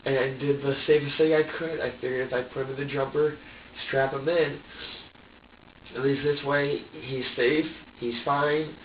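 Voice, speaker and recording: A man being questioned by police, talking haltingly with many restarts and acting out his own past words. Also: mid-range voice, steady tone, slight background noise. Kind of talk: police interrogation. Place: interrogation room. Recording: distant echoey phone-like archive audio.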